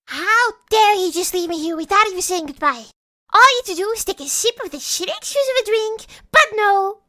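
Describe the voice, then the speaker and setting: Casting: man voicing a furious lizard girl for an audio story, very high, bright and loud. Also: big pitch swings, fast talker, exaggerated voice. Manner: shrill, loud ranting. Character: furious female lizard creature, shrill and ranting.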